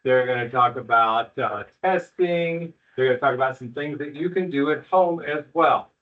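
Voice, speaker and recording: A middle-aged school principal with a mid-range voice talks to a room of parents at a nighttime school meeting at normal speed, keeping things homespun, jokey, and comforting. It was captured from a distance, so the room recording sounds muffled.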